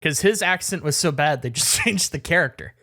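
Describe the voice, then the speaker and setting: A podcast co-host rambles through stories, cheerfully poking fun at himself. His voice sits a little high for a man, in loose, casual conversation. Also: animated, a little fast, sharp tone. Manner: rambling, self-deprecating storytelling. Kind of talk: casual chat.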